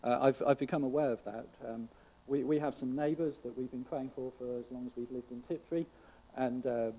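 A man's voice: medium pitch, fairly even intonation, fairly quick, warm tone, breathy edge. A man, preaching an earnest, conversational sermon and often checking in with rhetorical questions. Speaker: pastor.

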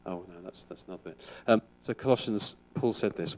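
A man's voice: low voice, a little fast, hardly any pauses. A middle-aged man, a school chaplain, giving an informal sermon in a chatty, rambling way with frequent restarts.

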